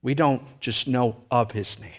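A middle-aged man preaching a sermon as pastor, telling a story in a lively way and acting out the voices in it. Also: measured pace. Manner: animated storytelling, rising to excited high-pitched re-enactments.

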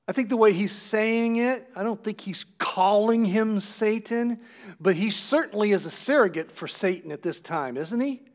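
A man preaching a sermon, retelling scripture with acted quotes and putting questions to his listeners. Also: high-pitched. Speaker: pastor.

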